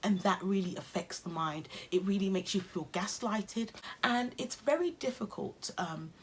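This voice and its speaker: A woman's voice: mid-range voice, lively intonation, moderate pace, slight background noise. A young adult woman with an English accent, talking earnestly and encouragingly to camera in a self-care vlog. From England. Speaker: YouTuber.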